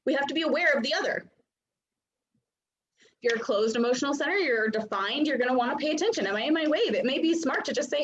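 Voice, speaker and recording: High-voiced chatty woman coach. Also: expressive, fast, slight background noise. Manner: chatty, many filler likes, acts out little voices. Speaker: human design coach. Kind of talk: casual teaching talk. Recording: dull lo-fi recording.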